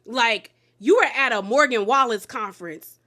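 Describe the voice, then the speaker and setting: Sassy woman with a bright, forceful voice. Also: on the high side, moderate pace. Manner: sassy, blunt, laughs often. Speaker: reality TV recap host. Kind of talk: casual recap commentary.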